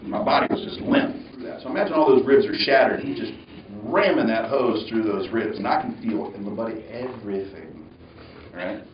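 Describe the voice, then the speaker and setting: A man giving a commencement speech as a conversational, animated story in a large hall, recorded from a distance. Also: lowish voice, a little fast, noisy background. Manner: animated, conversational, mimics the voices of others. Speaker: commencement speaker. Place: large hall at a graduation ceremony. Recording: dull, roomy sound from far off.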